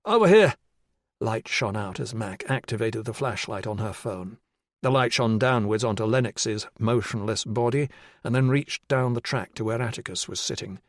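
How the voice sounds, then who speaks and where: A man narrating a thriller audiobook in a measured, even manner on a close studio mic. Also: lowish voice, no room sound. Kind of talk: scripted narration.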